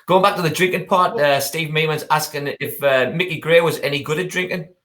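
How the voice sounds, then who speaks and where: A man's voice: on the high side, brisk, bright, forceful tone. A man hosting a live fan talk-in, joking with his guest and reading out viewer questions. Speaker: host. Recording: echoey room.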